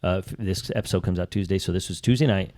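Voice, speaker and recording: A middle-aged man co-hosting a podcast, chatting casually and telling animated stories, often calling his friend dude. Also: deep voice, fast. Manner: animated storyteller, says dude a lot. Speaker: podcast co-host. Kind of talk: casual chat.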